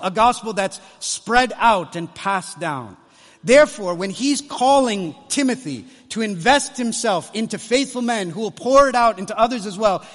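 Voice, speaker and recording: High-voiced preacher in a reverberant hall. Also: male voice, a bit bright. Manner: emphatic, repeats key phrases. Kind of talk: sermon. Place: large conference hall.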